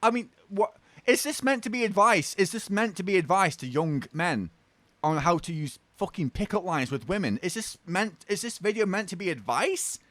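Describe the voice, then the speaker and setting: A man's voice: sits high, lively intonation, moderate pace, fairly bright tone, dry recording. A British man hosting a reaction video, mocking and swearing in an exasperated rant.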